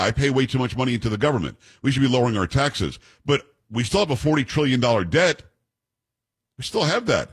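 A man hosting a talk radio show, delivering a rapid, blunt, opinionated monologue into a studio microphone. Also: mid-range voice, breathy edge.

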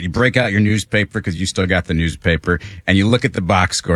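A husky man talking sports with lots of rise and fall in his voice, acting out little scenes as he makes his point. The sound is close and dry, with no room around it. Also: on the low side, brisk, hardly any pauses, no echo. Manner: animated, laughs often, acts out scenes. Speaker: sports radio co-host. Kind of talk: casual sports talk.

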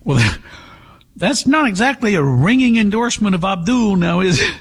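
A man's voice: high voice, lively intonation, moderate pace, breathy edge. A man hosting a talk radio show, giving sarcastic, mocking commentary. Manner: sarcastic, mocking, puts on voices.

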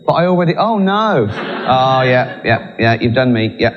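A man's voice: medium pitch, very animated, normal speed, big-room sound, highs cut off, very noisy, lightly acted. A man voicing a sheepish, put-upon male snake in a whiny voice, inside a stand-up comedy routine.

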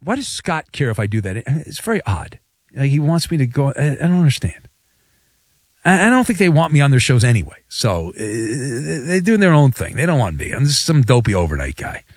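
Animated, sarcastic male radio host. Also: medium pitch, fairly quick, slightly rough, no room sound, clean studio sound. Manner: sarcastic, animated, teasing callers. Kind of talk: late-night sports talk radio.

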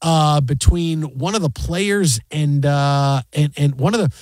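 A man's voice: a little high, a little slow, no echo. A man hosting a sports radio show, animatedly telling a story in casual chat. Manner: animated storyteller, acts out other voices. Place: radio studio.

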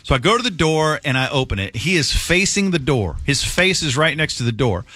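A man hosting a radio talk show, telling a lively story and raising his voice for the quoted lines. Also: a little fast, dry recording. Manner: animated storyteller, shouts quoted lines in a high voice.

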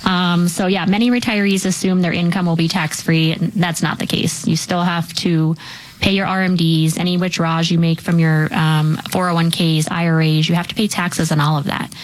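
A woman's voice: on the low side, little pitch movement, moderate pace, poor audio. A woman, a financial advisor guest on a talk show, explaining things in a friendly, plain way. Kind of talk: casual talk show chat.

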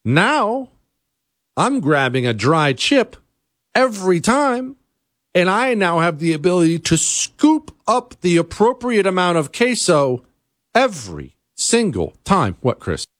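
A man hosting a talk show, ranting comically in an animated, exasperated way, jumping high and then dropping low. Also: takes it slowly, no room sound, clean studio sound. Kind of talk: comedic rant on a talk show.

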